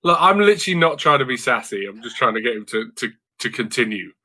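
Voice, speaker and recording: A man's voice: medium pitch, sing-song, quick pace, pushed and bright. A young man co-hosting a casual album review chat, teasing and pushing the others along. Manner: teasing, pushy, bossy with the others. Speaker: podcast co-host reviewing albums. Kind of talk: casual banter.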